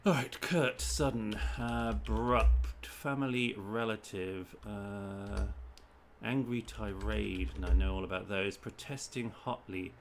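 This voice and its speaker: A man's voice: lowish voice, fairly even intonation, slow pace, a little hiss or hum. A man from the UK, a streamer thinking aloud as he solves crossword clues in short muttered bursts. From United Kingdom. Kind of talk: thinking aloud while solving.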